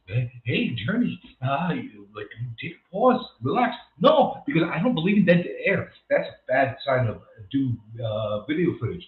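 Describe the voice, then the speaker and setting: A man's voice: mid-range voice, sing-song, normal speed, hardly any pauses. A man hosting an unscripted livestream, rambling and ranting and repeating himself as he goes. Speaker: livestream host. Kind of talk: unscripted live-stream monologue. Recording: tinny echoey phone-like sound.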